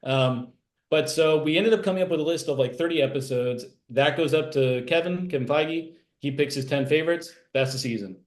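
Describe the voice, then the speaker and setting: A man's voice: fairly high pitch, brisk. A man being interviewed about his writing work, talking in a rambling way, full of fillers and restarts. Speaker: TV animation writer, interview guest. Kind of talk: casual interview chat.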